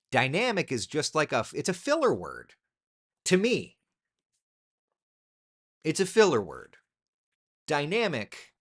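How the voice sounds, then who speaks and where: A man hosting a casual live chat as a meteorologist, reading viewer comments and giving opinions. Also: a bit bright. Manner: pitch swings up sharply when making a point.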